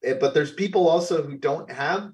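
A man's voice: fairly high pitch, far from the mic. Rambling male radio co-host off mic. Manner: rambling, halting, many fillers. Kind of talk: call-in radio talk.

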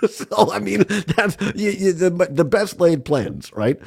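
A man hosts a radio talk show with a voice made gravelly and husky by a cold. He talks in a loose, rambling way and chuckles often. He is in a small radio studio. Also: high-pitched, animated, slow, darkish tone. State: hoarse from a cold.

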